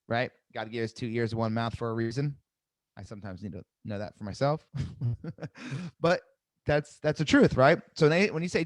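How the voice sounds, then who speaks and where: A man coaching a live sales webinar, seated, energetic, repeating key phrases and asking "right?" often. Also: mid-range voice, no room sound. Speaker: sales trainer. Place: seated indoors at a desk.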